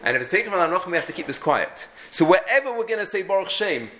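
A man's voice: sits high, big pitch swings, rapid-fire, a bit bright. A man teaching a halachic lesson, thinking aloud with frequent restarts and many Hebrew and Yiddish terms. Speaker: Torah teacher.

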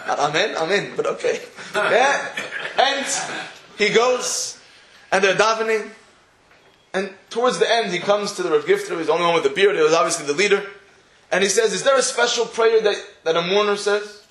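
A man's voice: high voice, moderate pace, fairly bright tone, echoey room. A man giving a sermon, telling a story and acting out the dialogue in it. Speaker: rabbi giving a talk.

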